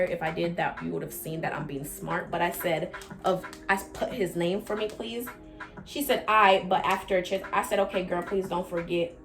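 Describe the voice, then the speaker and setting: This is a young woman vlogging a relaxed storytime. She acts out the quotes with dramatic pitch jumps and drops down into soft, low-voiced asides.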